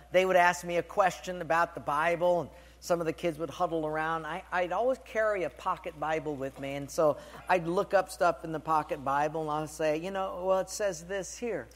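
A male pastor preaching a sermon, telling stories with animated asides to the congregation. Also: fairly high pitch, long reverb tail.

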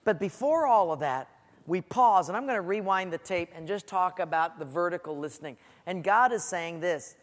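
A middle-aged man preaching a sermon, telling stories in an animated way and acting out the quotes. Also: high voice, moderate pace. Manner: storytelling, animated, acts out quotes. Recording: echoey hall.

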